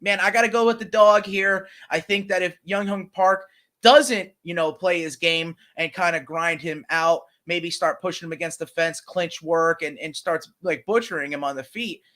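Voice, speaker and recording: A man's voice: high voice, moderate pace, pushed and bright. A man co-hosting a podcast, chatting casually about fight picks in a chummy, rambling way with lots of fillers. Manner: chummy, calls his co-host brother and man; loose, rambling delivery with fillers and restarts. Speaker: podcast co-host. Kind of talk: casual sports betting chat.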